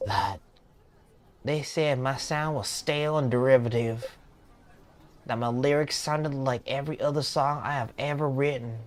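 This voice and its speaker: A man's voice: medium pitch, a little slow, close to an everyday voice. A man voicing a weary male singer with creative block, using a put-on British accent and a glum, self-critical manner. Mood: gloomy. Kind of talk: game character voice-over.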